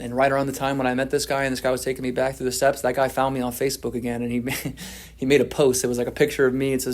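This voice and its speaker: A man's voice: medium pitch, a little mellow. A man telling his story at a twelve-step recovery meeting, candid and self-deprecating, often restarting his sentences.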